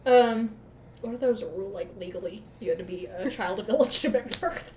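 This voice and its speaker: A woman's voice: mid-range voice, mellow. Woman podcast co-host, sarcastic, profane, casual chat, echoey room, faint noise. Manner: sarcastic, profane, acts out characters in quick asides. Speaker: podcast co-host recapping a book.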